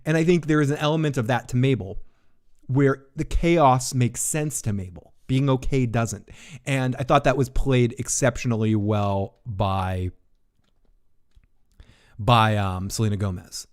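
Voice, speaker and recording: A man giving a casual, rambling spoiler recap of a TV episode in his apartment, excitable and swearing, his pitch jumping when he gets worked up. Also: a little slow. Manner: rambling, restarts often. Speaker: TV recap reviewer.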